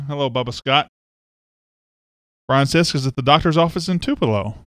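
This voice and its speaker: A man's voice: mid-range voice, moderate pace, a bit bright, dry recording, clean studio sound. A man hosting a casual sports live stream, chatting and reading out viewer comments. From Mississippi. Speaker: sports podcast host. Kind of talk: casual livestream chat. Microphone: webcam setup on a live stream.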